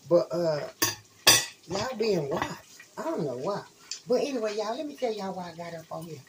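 A woman's voice: on the low side, very animated, moderate pace, very noisy. A woman chatting bluntly and profanely to her viewers while frying food in her home kitchen, calling them y'all. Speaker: online spiritual reader. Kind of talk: casual rambling talk to viewers.

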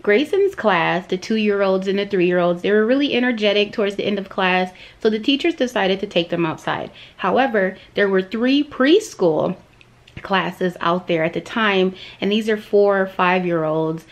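Young woman vlogger, stay-at-home mom; casual, animated storytelling to camera, recovering from surgery. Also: mid-range voice, normal speed. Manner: animated, addresses viewers as "you guys".

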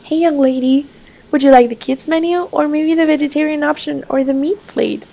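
A woman's voice: high-pitched, steady tone, brisk, gravelly, warm tone. A woman voicing a polite, helpful flight attendant in a toy-play story, with a courteous, service-like manner.

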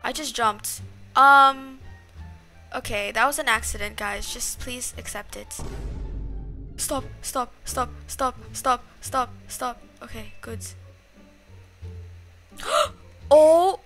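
A woman's voice: fairly high pitch, a little slow, soft background music. A young woman giving casual, dramatic gameplay commentary to her viewers. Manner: dramatic, excitable, talks to viewers as y'all. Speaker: gaming YouTuber.

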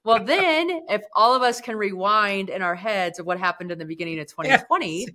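A woman guest on an interview podcast, telling her story in a lively, casual way. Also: mid-range voice, a little fast. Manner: animated, acts out quoted speech; casual, fillers like "like". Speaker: guest, mountaineer.

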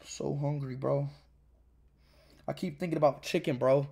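A young man livestreaming in casual chatter, repeating himself to chat, swinging between tired mumbling and loud shouts, hungry and drained. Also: mid-range voice, steady tone, normal speed, vocal fry, breathy edge. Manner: repeats phrases over and over, talks to chat.

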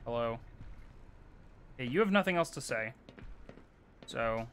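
Lively, bright-voiced male game streamer. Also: mid-range voice, normal speed, slight background noise. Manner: chatty, excitable, swears casually. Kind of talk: live gameplay commentary.

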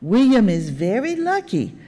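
A woman's voice: fairly high pitch, big pitch swings, measured pace, mellow. Earnest, admiring woman shopper, as a woman tells it. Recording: long reverb in a church sanctuary.

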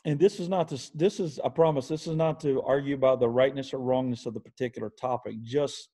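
A man hosting an interview, thoughtful and measured, often restating his points. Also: medium pitch, fairly even intonation, mellow. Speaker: interview host. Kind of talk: casual interview conversation.

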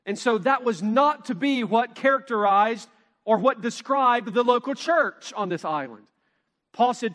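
A man teaching a verse-by-verse Bible study, preaching in an emphatic, measured way and slowing down to stress key phrases. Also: very high-pitched, lively intonation, a bit bright, long reverb tail.

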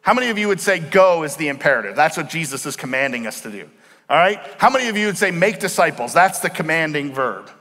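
A man preaching a sermon as pastor, explaining words slowly and asking the congregation questions. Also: fairly high pitch, big pitch swings, bright, forceful tone. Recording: long hall reverb.

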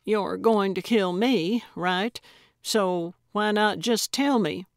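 A feisty old lady sleuth, as a woman narrator puts her on, blunt and sarcastic with a sharp tongue. She speaks slowly and deliberately in a dry, close recording. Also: medium pitch, dry recording. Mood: sardonic.

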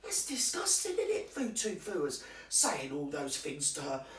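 A performer doing a gossipy older woman, chattering away in confiding asides and teasing jabs. Her pitch swoops up and down with relish. She sounds a step back from the mic in a roomy space. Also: wildly swooping pitch, unhurried, far from the mic. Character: gossipy older British woman, nosy and cheeky. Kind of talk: comic character monologue to camera.

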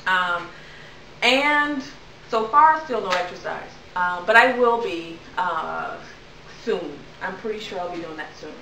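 A woman's voice: on the low side, lively intonation, unhurried, sharp tone, echoey room, distant mic, a little hiss or hum, low-quality recording. A young woman vlogger chatting casually to camera, rambling with lots of ums.

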